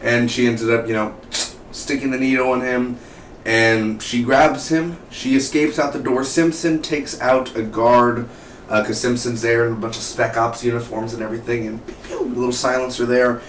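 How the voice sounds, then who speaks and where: Casual male TV reviewer, rambling and animated, echoey room with faint noise behind. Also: medium pitch, normal speed. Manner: rambling, animated, acts out characters' lines. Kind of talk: casual episode recap. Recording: roomy, distant from the mic, faint noise.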